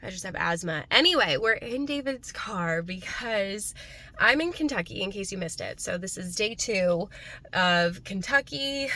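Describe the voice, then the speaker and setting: A woman's voice: mid-range voice, bright, forceful tone. Chatty young woman plant vlogger. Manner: chatty, giggly, lots of "like"; upbeat voice-over narration. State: slightly out of breath. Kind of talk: casual vlog chat. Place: inside a parked car; voice-over booth, not on location.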